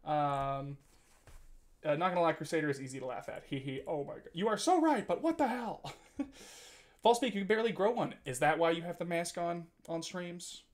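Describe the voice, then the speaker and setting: A man's voice: fairly high pitch, lively intonation, moderate pace. Man, twenties, streamer, casual live chat, rambling, teasing, giggly. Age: 20s. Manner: rambling and teasing, giggly, lots of filler words.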